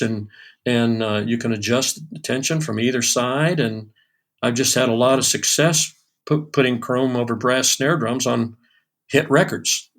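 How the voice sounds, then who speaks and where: Older man telling stories, full of restarts. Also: mid-range voice. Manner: animated anecdotes with many restarts and fillers. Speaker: session drummer guest. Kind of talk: storytelling in a podcast interview.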